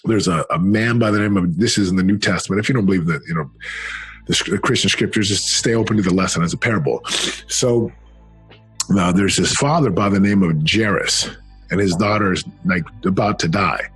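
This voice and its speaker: A middle-aged man telling his life story in an interview, earnest and emphatic, slowing down on key phrases. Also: low voice, fairly bright tone, breathy edge, faint music behind. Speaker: interview guest, former football player and speaker.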